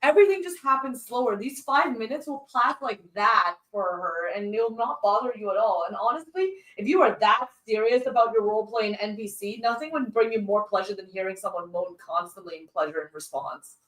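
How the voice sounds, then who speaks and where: A woman playing a comic party game, pitching her case in an animated, playful way. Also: brisk, hardly any pauses, reverberant, recorded from a distance, poor audio. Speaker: player. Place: hotel room.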